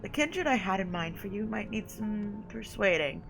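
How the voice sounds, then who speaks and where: A woman's voice: mid-range voice, animated, moderate pace, gravelly, fairly bright tone, faint music behind, low-quality recording. A woman voicing a haughty, condescending female vampire sire, reading game dialogue aloud with drawled endearments.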